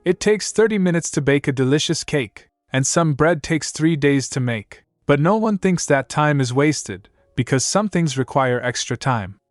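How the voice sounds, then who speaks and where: A man's voice: on the high side, lively intonation, moderate pace, few pauses, no echo, faint music behind, pitched above the performer's own voice, close to an everyday voice. A man voicing a clever, blunt little girl princess in a storybook recap, talking in a matter-of-fact way. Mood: gentle.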